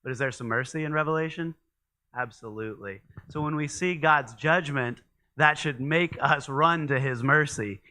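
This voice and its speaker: A man teaches in a church in a loose, conversational sermon style. His voice is very bright and ringing, clean and smooth, and pitched a little high for a man. He trips over his words often and keeps going with fillers and restarts. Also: moderate pace. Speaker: pastor.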